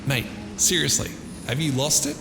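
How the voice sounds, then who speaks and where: A man's voice: on the high side, steady tone, normal speed, reverberant, big-room sound, noisy background, voice pushed up, close to an everyday voice. A man voicing a friendly, joking young British workmate in a light, teasing tone, with a British accent. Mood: breezy. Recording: loud guitar music underneath.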